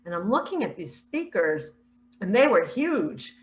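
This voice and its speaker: An older woman earnestly recounting a spiritual vision in a slow, heartfelt, emotional way. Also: mid-range voice, very animated, poor audio. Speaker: spiritual speaker sharing visions.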